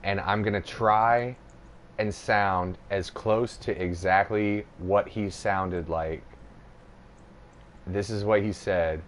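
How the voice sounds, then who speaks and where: A man's voice: on the low side, fairly even intonation, slow, slight background noise. Profane, rambling young man telling a story. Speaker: podcast host. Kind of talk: casual storytelling chat.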